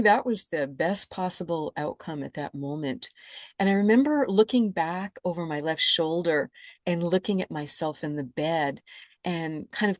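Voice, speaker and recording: Expressive woman telling a story, lowish voice. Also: no echo, clean studio sound. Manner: vivid, expressive storyteller who laughs easily. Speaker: interview guest, energy healer. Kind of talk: storytelling in a conversational interview.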